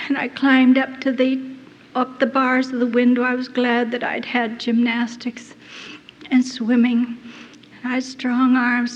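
An older woman giving an earnest, heartfelt testimony to an audience as a missionary speaker. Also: a little high. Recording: dull recording in a reverberant hall.

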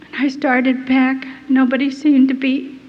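A woman giving a personal testimony, telling her story in an earnest, halting and deeply moved way. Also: completely flat delivery. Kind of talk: emotional first-person storytelling. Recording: dull lo-fi recording in a reverberant hall.

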